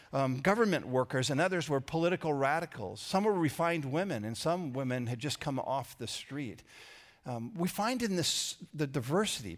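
A man preaching a sermon, who swings from loud emphatic lines to hushed ones and sometimes repeats words mid-sentence. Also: a little high. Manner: dramatic shifts between loud emphasis and hushed quoted lines; repeats words when searching for them. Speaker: pastor.

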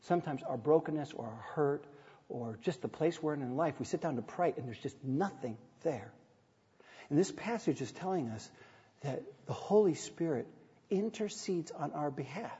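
A middle-aged male pastor preaching in a church sanctuary, his voice dark and slightly husky. He moves earnestly between scripture and personal stories, with light humor along the way. The sound is dull, and a long hall reverb hangs on every phrase. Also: fairly high pitch, expressive, normal speed. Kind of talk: sermon.

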